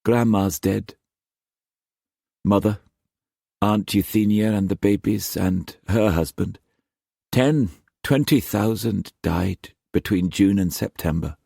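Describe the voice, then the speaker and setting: A man's voice: lowish voice, slow, gravelly, pauses often, dark tone, breathy edge, dry recording, studio quality, exaggerated voice. Frail young man voiced by a male reader, thin voice, dull, weary, audiobook. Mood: numb. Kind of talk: audiobook character voice.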